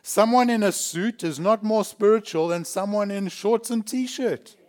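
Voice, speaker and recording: Emphatic preacher from South Africa, slightly high. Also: male voice, measured pace. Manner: emphatic preaching, chuckles between points. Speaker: pastor. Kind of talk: sermon.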